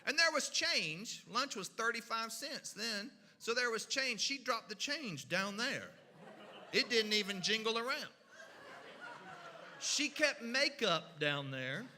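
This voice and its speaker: A storyteller spins a funny tale in a folksy, animated way, sprinkling in sound effects and voices. The voice sits high for a man and sounds very bright. It carries through a church hall with a long, ringing echo. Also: takes it slowly. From Kentucky mountains. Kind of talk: humorous storytelling. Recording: reverberant hall.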